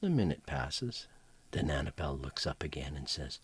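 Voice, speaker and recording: A middle-aged man hosting a comedy show, telling a joke in a relaxed, folksy way with a husky voice that often drops into whispers. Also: a bass voice, moderate pace.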